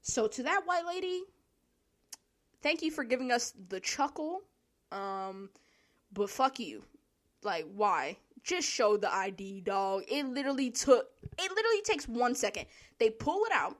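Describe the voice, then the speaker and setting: A woman's voice: a little high, big pitch swings, unhurried. A young woman telling a profane work story to her vlog audience, laughing often. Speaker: vlogger. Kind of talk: casual storytelling rant. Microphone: solo recording.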